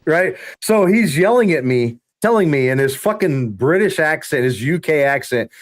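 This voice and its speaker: A man's voice: fairly high pitch, expressive, moderate pace. A man chatting on a gaming podcast, telling profane stories animatedly and laughing often. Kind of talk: casual gaming podcast chat.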